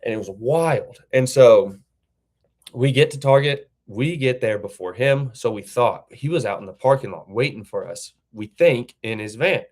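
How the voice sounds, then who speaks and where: A man's voice: mid-range voice, expressive, normal speed, a little mellow. A man, host of his channel, telling a story casually in a rambling, self-correcting way.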